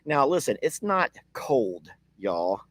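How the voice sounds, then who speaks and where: A man's voice: mid-range voice, sing-song, takes it slowly, fairly bright tone, dry recording. A man hosting a casual live video from his ranch, chatting with viewers and laughing often. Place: outdoors at a ranch.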